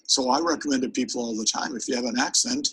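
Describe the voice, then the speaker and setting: A man's voice: mid-range voice, fast talker, pushed and bright, slightly rough, rough recording. A man giving a live seminar on presentation skills, talking energetically and straight to his audience. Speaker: sales presentation trainer.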